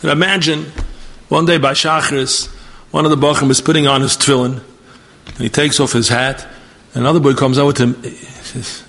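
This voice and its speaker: A man preaching in a storytelling sermon, acting out the dialogue and rising to high, emphatic exclamations. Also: little pitch movement, fairly quick, fairly bright tone. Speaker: rabbi.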